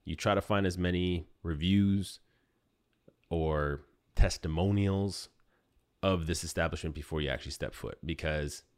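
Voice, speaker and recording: A man in his thirties hosting a podcast, telling a personal story in a casual, animated and self-deprecating way. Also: low-pitched, a little slow, dry recording, studio quality.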